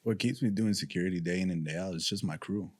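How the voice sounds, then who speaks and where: Low-voiced man, sincere guest. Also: fast talker, slightly rough. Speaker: guest security guard. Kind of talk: casual interview.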